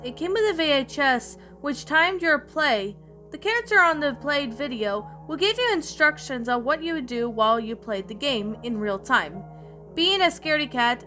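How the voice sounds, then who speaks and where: A woman narrating a creepy story in a slightly halting reading voice, with restarts, over faint background music. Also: a little high, pushed and bright.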